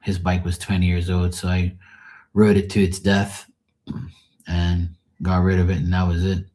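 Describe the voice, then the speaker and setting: A man's voice: low-pitched, monotone, moderate pace, mellow. A middle-aged man hosting a live tarot stream, chatting casually, telling blunt stories full of swearing and greeting viewers by name. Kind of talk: casual livestream chat.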